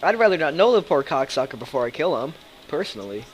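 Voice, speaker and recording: A man's voice: a little high, sing-song, quick pace, slight background noise, low-quality recording. Young man rambling over gameplay, swearing. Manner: rambling, profane, thinks aloud with many fillers. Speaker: let's play commentator. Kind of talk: live gameplay commentary.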